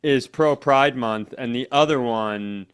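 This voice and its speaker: A man's voice: medium pitch, slow, clean tone. A male podcast co-host in casual chat, joking and cutting in on the story. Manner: jokey, interjecting.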